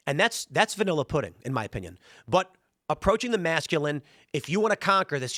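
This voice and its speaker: Animated, blunt male show host. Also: a little high, fairly quick, dry recording, studio quality. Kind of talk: opinion commentary.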